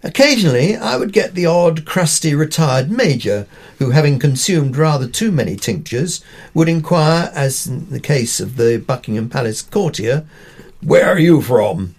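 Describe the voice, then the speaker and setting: An older man from Pakistan reads his own opinion column aloud, telling it with wry, dry humour. His voice is fairly high and animated, at a normal speed.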